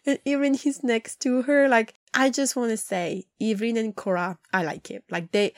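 A woman's voice: fairly high pitch, moderate pace, no room sound, studio quality. Chatty woman recapping an episode. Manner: chatty and animated, acts out characters' lines. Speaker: podcast host recapping a TV episode. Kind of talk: casual chat.

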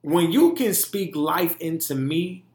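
A man's voice: fairly high pitch, expressive, slow pace, a little mellow. A young man hosting a podcast, speaking candidly and emphatically, often profane, acting out the way he talks to himself. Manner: candid and emphatic, profane, mimicking his own inner talk. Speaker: podcast host. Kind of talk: candid monologue. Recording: echoey room.

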